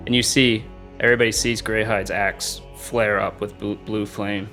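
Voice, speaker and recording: A man narrating a tabletop game as game master in a relaxed, conversational way. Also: fairly low pitch, normal speed, soft background music.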